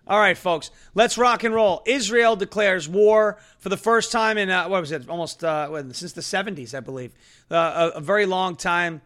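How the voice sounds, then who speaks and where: A man hosting a political commentary show, talking loud and fast and ranting. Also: sits high. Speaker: host.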